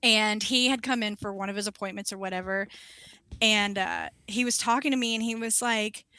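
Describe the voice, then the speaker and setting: A young woman, a wax specialist, telling an animated story in casual chat, swearing and acting out the voices of the people in it. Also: medium pitch, moderate pace.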